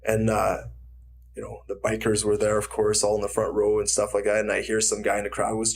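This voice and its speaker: A man's voice: lowish voice, brisk, creaky. A man spins a story in a casual sit-down interview, throwing himself into it and acting out what people said in bursts of voice. He swears freely, and a faint hum runs underneath. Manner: animated storyteller, acts out quotes, swears freely. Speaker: guest, retired fighter.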